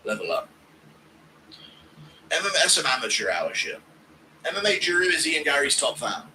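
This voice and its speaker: A man's voice: very animated, moderate pace, pushed and bright, a little hiss or hum, low-quality recording. Crude, jokey male streamer. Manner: crude, jokey, does squealing high-pitched impressions. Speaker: streamer hosting a fight watch-along. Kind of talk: casual livestream chat reading donations.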